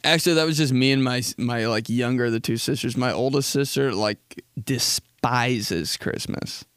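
A man's voice: normal speed, a bit bright, clean tone, no room sound, clean studio sound. A man in his twenties chatting casually and comedically, rambling and acting out quotes with frequent laughter. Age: 20s. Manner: rambling, laughing, acts out quotes in high voices. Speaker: podcast host.

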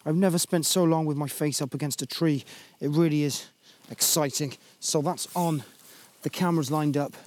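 A man's voice: a little high, normal speed, hardly any pauses, darkish tone. A man presenting a comedy documentary in a dry, mock-dramatic way. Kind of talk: comic field presenting.

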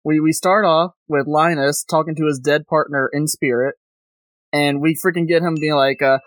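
A man's voice: on the high side, normal speed, a bit bright, no room sound, clean studio sound. A man co-hosting a comic book podcast, wryly recapping the plot with mocking quotes. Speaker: podcast co-host. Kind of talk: casual comic book review chat.

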